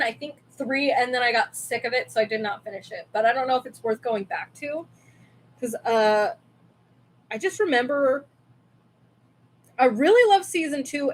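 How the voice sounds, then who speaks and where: A young woman from California chatting casually and rambling with lots of fillers while hosting a crafting livestream from home on a desk mic. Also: high-pitched. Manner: rambling and chatty, with many fillers and self-asides. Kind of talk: casual live-stream chat. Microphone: desk mic with webcam.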